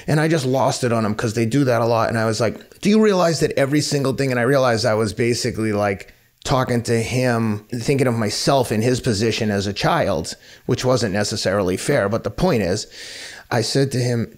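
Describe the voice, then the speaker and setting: A man's voice: mid-range voice, a little fast. A man in his fifties, a podcast guest, talking candidly and bluntly and swearing freely. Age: 50s. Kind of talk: casual interview talk.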